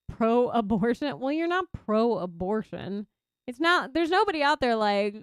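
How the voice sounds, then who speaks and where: Chatty Texan woman streamer, lively pitch. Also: slow pace, clean tone, no echo, studio quality. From Texas. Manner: chatty, reacts loudly to chat. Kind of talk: casual chat while gaming.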